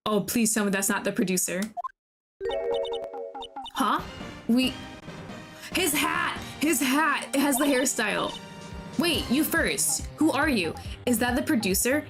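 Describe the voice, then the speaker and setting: A young woman with a fairly high voice chats through a game stream at an unhurried pace, thinking out loud and reading dialogue aloud. She breaks into loud, disgusted reactions, and game music plays clearly behind her. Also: expressive. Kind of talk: let's play commentary, reading game lines aloud. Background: game background music.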